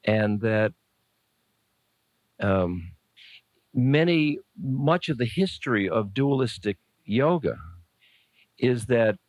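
A man's voice: fairly low pitch, no room sound. A man in his sixties giving a live dharma talk, answering audience questions in a conversational, playful, searching way with chuckles and asides. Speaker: spiritual teacher. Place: lecture room with a live audience.

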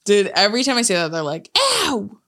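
A woman co-hosts a casual podcast, telling stories in an animated rush. She swears freely and laughs often. Her voice is bright and clear. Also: mid-range voice, fast talker. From Hawaii. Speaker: podcast co-host. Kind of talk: casual chat.

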